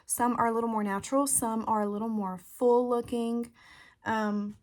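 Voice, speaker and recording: A woman chatting casually to camera as a beauty vlogger, relaxed with frequent ums, filming indoors by a window. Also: a little high, normal speed. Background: fan running.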